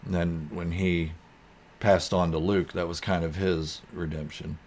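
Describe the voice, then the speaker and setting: A man's voice: low-pitched, little pitch movement, measured pace, darkish tone, slight background noise. A man hosting a live stream, chatting casually and reading out viewer comments in a goofy, easygoing, rambling way.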